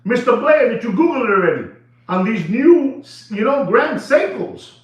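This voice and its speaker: A man dealing in watches, ranting excitedly to camera in casual talk, repeating himself and dropping into Spanish phrases. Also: very high voice, normal speed. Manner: animated, repetitive, switches into Spanish phrases. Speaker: watch dealer. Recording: echoey room, dull lo-fi sound.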